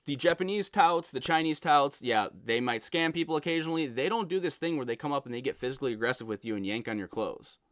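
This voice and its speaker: A man reads viewer stories aloud and reacts to them, his pitch sitting in an ordinary middle range. He speaks in an animated, exasperated way that turns into ranting. The recording is dry and close. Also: fast talker, hardly any pauses, dry recording. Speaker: content creator reading viewer messages. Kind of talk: reaction commentary.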